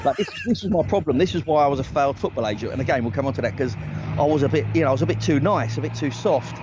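A man's voice: on the high side, lively intonation, rapid-fire, noisy background. Rambling, self-deprecating man in his forties. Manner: rambling, self-deprecating, frequent restarts and laughs. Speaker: talent agent, guest. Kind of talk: casual anecdotal chat. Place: outdoors in a hammock. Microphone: earbuds. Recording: dry, slightly dull sound.

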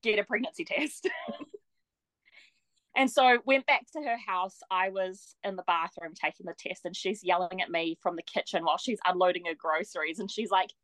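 A young woman, a podcast guest telling her story in a lively way, laughing often and acting out what people said. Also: fairly low pitch, normal speed, no echo, rough recording. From New Zealand. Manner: lively, laughs often, acts out quoted voices. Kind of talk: casual storytelling.

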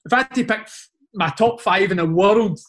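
A Scottish man with a fairly high voice tells dressing-room stories in a loose, animated way. He talks like a former footballer catching up with a mate, dropping "mate" and "like" into nearly every line. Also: normal speed. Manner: animated anecdotes, frequent "mate" and "like". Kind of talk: casual storytelling chat.

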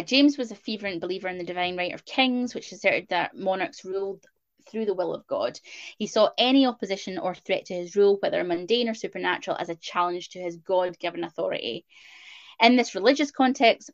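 A woman's voice: lowish voice, dry recording, dull audio. A woman with a Scottish accent co-hosting a casual history podcast, chatty with lots of filler words. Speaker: podcast co-host.

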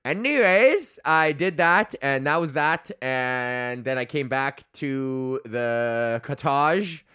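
A young man hosts a solo comedy podcast, telling stories in a loose, profane ramble. His voice sits at a middle pitch, and he laughs often as he goes. He keeps breaking into quick mock voices for the people in his stories. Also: pushed and bright, smooth. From Canada.

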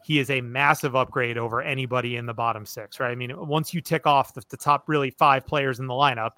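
Bright-voiced man hosting a casual podcast. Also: medium pitch, fairly even intonation, fairly quick, no echo. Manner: thoughtful, analytical, many fillers and restarts. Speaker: podcast host. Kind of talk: casual chat.

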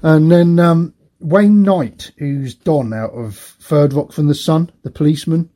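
A middle-aged man with a mellow tone and a fairly high voice. He co-hosts a casual film podcast, telling rambling stories about what he has been watching and laughing between thoughts. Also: a little slow. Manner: rambling, anecdotal, laughs often. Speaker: podcast co-host.

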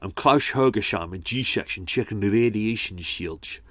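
A man putting on a rough attempt at a Scottish accent, impersonating a famous actor with slow, dramatic delivery. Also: on the low side, fairly bright tone, lightly acted. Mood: suave.

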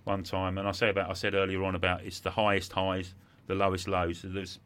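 A middle-aged man with a very deep voice that still comes across forceful and bright, speaking as a podcast guest. He tells an emotional story in a reflective way, often stumbling and repeating words when moved. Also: monotone, brisk.

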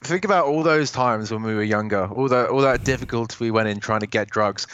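A man's voice: mid-range voice, a little fast, fairly bright tone, muffled recording, slight background noise. A man from England with a posh English accent, talking in a rambling, sweary casual chat as a podcast guest. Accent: posh English, slightly Australian-tinged. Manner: sweary, rambling, repeats words.

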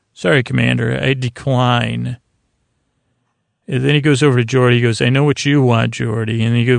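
A man's voice: medium pitch, vocal fry, no echo, clean studio sound. A man hosting a podcast, casually recapping a story in a rambling way and loosely quoting the characters as he goes. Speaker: podcast host.

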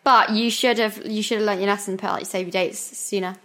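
A woman's voice: mid-range voice, steady tone, a little fast, fairly bright tone. A young woman chatting casually as a podcast co-host, often laughing through her stories. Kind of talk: casual chat.

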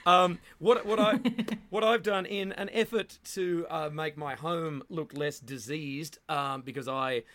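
A man's voice: a little high, measured pace, a bit bright. A man guesting as a comedian on a podcast, telling rambling, self-mocking stories.

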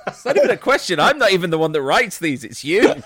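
A man's voice: high-pitched, big pitch swings, fast talker, a bit bright, breathy edge. Joking male podcast host. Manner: joking, laughs easily. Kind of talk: casual interview chat.

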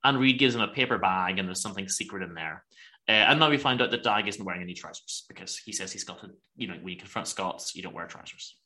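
Guy on a podcast going over an episode, bright punchy voice, keeps laughing. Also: deep voice, lively intonation, quick pace. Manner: laughs often while retelling scenes. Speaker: podcast co-host. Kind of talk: casual chat recapping a TV episode.

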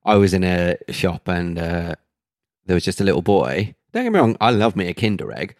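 A man with a deep, low voice chats on a podcast, recorded close and dry. He tells his stories animatedly and gets indignant, with the odd swear word. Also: moderate pace, no echo. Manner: animated storyteller, swears, rises in pitch when indignant. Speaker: podcast co-host. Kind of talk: casual banter.

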